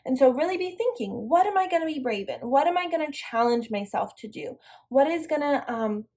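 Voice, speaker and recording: A woman's voice: high-pitched, expressive, fairly quick, a little mellow. A young woman leading an online devotional lesson for a girls' youth group, upbeat and encouraging as she speaks straight to the girls.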